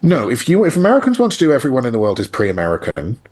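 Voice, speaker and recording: A man, a guest in a conversational political discussion, talking in an animated way and slipping into quick mocking impressions. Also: mid-range voice. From Ireland.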